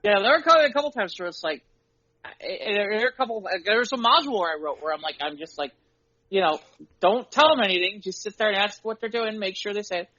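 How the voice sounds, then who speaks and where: A man co-hosting a podcast and chatting casually about running tabletop games as game master, acting out his players' lines in quick voices. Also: high voice, lively intonation, bright, forceful tone, dull audio. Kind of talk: casual chat.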